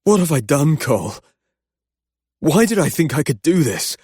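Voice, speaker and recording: Guilt-ridden male doctor in an audiobook, acted by a man, swearing outbursts, animated delivery. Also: a little high, moderate pace, breathy edge, dry recording, studio quality. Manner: swearing outbursts, self-loathing rants. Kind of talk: audiobook character acting.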